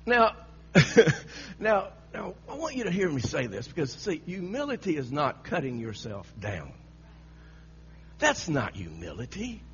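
A man's voice: on the high side, wildly swooping pitch, measured pace, fairly bright tone. A man preaching a sermon, telling a story with frequent laughter and repeated phrases, on a dull lo-fi recording with a faint hum.

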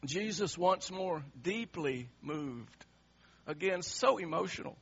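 Emotional pastor with a bright husky voice. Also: male voice, high voice, expressive, takes it slowly. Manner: emotional, swinging from soft to loud. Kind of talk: sermon. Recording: slightly muffled sermon recording.

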